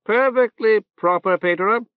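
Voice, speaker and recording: A man's voice: sits high, moderate pace, clean tone, voice pushed up, lightly acted. A man voicing a pompous older male cleric with a reverberant nasal voice, fussy and full of hesitant ums. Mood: unctuous. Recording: dull dry tape transfer.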